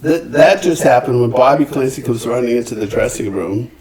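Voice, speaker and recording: Older male singer-songwriter guest, mid pitch, animated storyteller, roomy echo. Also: a little fast, crowd noise. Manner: animated anecdotes with acted-out quotes and frequent restarts. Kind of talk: storytelling in a podcast interview.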